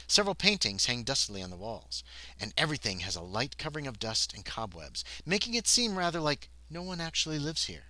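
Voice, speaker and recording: A man's voice: medium pitch, sing-song, a little fast, sharp tone, no echo, low-quality recording. A man playing a solo tabletop horror scenario on a livestream, reading the text aloud and breaking off into muttered asides. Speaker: solo tabletop game player and narrator.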